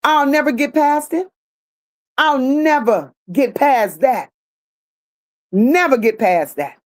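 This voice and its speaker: A woman's voice: sits high, lively intonation, takes it slowly. A woman hosting a livestream, reading viewer comments aloud and answering them bluntly, with sassy repeated phrases. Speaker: livestream host.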